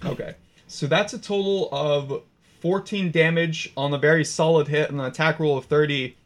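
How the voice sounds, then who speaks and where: A man's voice: a little high, fairly even intonation, moderate pace. Casual, profane game master man. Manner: casual, profane, filler-heavy narration. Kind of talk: narrating a tabletop game.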